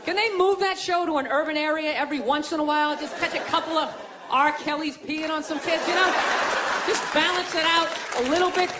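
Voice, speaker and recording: A man's voice: very high voice, steady tone, fairly quick, a crowd in the background, noisy background. A man doing stand-up comedy, rambling and sarcastic, mock-complaining to a live audience. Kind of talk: stand-up routine. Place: comedy club stage. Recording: live club recording, loud audience.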